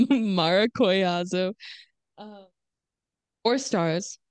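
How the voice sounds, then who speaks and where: Woman, podcast co-host, smooth voice, chatty, dry close sound. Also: mid-range voice, very slow, a little mellow, dry recording. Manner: chatty, hedging with "like". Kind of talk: casual chat.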